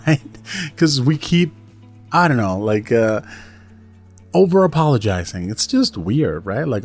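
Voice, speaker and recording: A man talks through an English lesson in a loose, chatty way, dropping in fillers and quick acted-out example lines. His voice sits at an ordinary middle pitch. Soft music plays quietly behind him. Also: slightly rough. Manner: chatty, lively, fillers like right and you know, acts out example lines. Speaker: English teacher, podcast host. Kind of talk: casual instructional talk.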